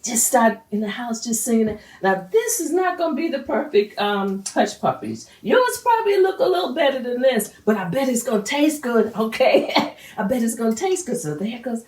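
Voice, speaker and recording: A woman's voice: a little high, big pitch swings, normal speed, few pauses, darkish tone, distant mic. A middle-aged woman hosting a home cooking show, talking casually and encouragingly as she cooks and repeating herself often. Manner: sings a church hymn. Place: home kitchen. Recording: roomy echo, voice away from the mic.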